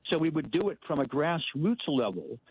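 A man's voice: fairly high pitch, very animated, moderate pace, a little mellow, husky. Rambling male caller on a dull line. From Washington state, US. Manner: rambling, hesitant, many fillers and backtracks. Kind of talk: phone-in call to a talk show. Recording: dull, dry phone-in line.

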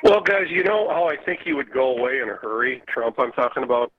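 A man's voice: mid-range voice, lively intonation, brisk, dry recording. A man calling into a talk radio show, ranting bluntly over the phone. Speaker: caller. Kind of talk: phone-in call. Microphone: telephone. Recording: phone line.

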